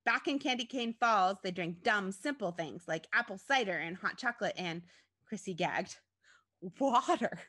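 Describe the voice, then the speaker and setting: A woman's voice: mid-range voice, moderate pace. Playful woman reading a choose-your-path story. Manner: playful, expressive. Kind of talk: interactive story narration.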